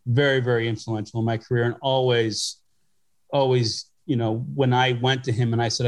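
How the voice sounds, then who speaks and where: A man's voice: medium pitch, little pitch movement, normal speed. A middle-aged man from Western New York tells stories from his career as a podcast guest. He talks in a loose, rambling way, circling back and restarting his sentences, and his voice sits in an ordinary middle range. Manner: rambling, with many restarts and fillers. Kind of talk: conversational storytelling.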